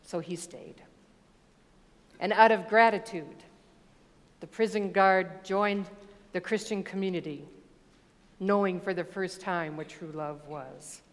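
A woman preaching a sermon, reading scripture and telling stories in a measured, deliberate way. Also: on the low side, big-room sound. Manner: measured, deliberate delivery with storytelling asides.

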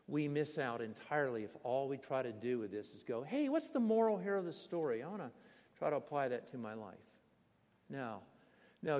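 An older male pastor delivers a sermon, spinning a personal story with lively bursts of emphasis. His ordinary mid-range voice carries through a church sanctuary with a long, lingering reverb. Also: medium pitch. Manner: vivid, animated storyteller with bursts of emphasis and laughter.

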